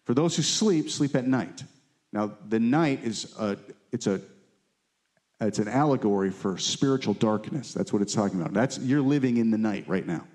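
A man's voice: on the low side, lively intonation, normal speed, a little mellow. A married man preaching a sermon to his congregation, conversational and often checking in with his listeners. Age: adult, married. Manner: conversational preaching, frequent "right?" check-ins. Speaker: pastor.

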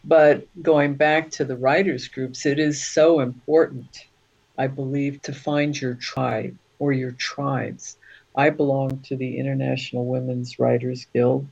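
Slow-talking chatty woman author. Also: rumbling low, level tone, gravelly, a little mellow, dull audio. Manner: rambling, chatty, with many fillers. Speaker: author guest. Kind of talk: casual interview chat.

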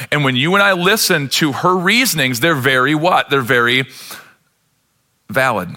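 A man's voice: a little high, expressive, normal speed, pushed and bright. A man pastor preaching a sermon with impassioned delivery, sometimes acting out the characters in the story.

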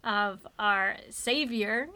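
A middle-aged mother co-hosting a faith podcast, talking in an earnest, emotional way and slowing down for emphasis. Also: mid-range voice, sharp tone.

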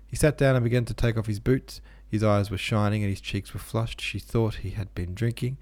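A man reading a classic novel aloud as audiobook narrator, measured and expressive. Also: fairly low pitch, no echo.

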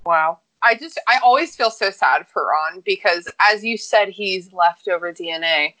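A woman's voice: lowish voice, moderate pace, sharp tone. A woman co-hosting a podcast, chatting frankly and teasing her co-hosts. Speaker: podcast co-host. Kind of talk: casual chat.

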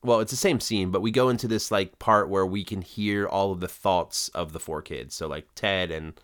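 A man with a fairly low voice talks through an episode recap in an easygoing, rambling way. His delivery is casual podcast chat, loose and full of small fillers. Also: moderate pace, a bit bright. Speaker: podcast co-host.

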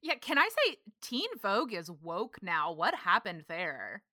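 A woman co-hosting a casual podcast, playful and wry with quick quips. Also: mid-range voice, big pitch swings, bright, forceful tone, no echo, studio quality. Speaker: podcast co-host.

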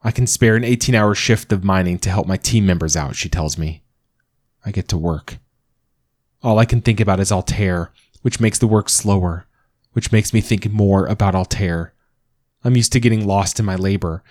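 Deep-voiced man reading a story. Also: normal speed, a little mellow, dry recording, studio quality. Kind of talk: first-person story narration.

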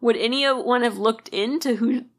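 A woman co-hosts a podcast, her voice fairly high and her pace measured. She tells a true crime ghost story in an easygoing, conversational way, leaning on fillers and the word "like."

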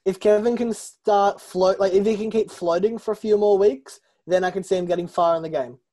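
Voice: medium pitch, fairly even intonation, brisk, crowd noise. Dry, teasing podcast co-host. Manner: dry, teasing, lots of likes and ums. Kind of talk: casual chat.

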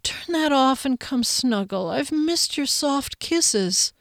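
A woman voicing a smooth-talking young man, a manipulative ex-boyfriend who coaxes in a husky, crooning murmur. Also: high-pitched, measured pace, no echo, clean studio sound. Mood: coaxing. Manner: soft coaxing murmurs and whispers.

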